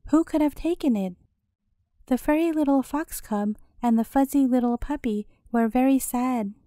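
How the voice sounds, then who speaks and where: A woman storyteller reading a bedtime fairy tale in a gentle, clear way. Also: fairly high pitch, no echo, clean studio sound.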